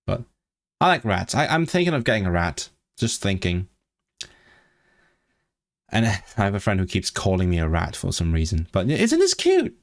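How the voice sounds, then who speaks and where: A man's voice: sits low, expressive, moderate pace, gravelly, long pauses. A man chatting casually on a live stream, thinking aloud, repeating and restarting words. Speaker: language-learning livestreamer.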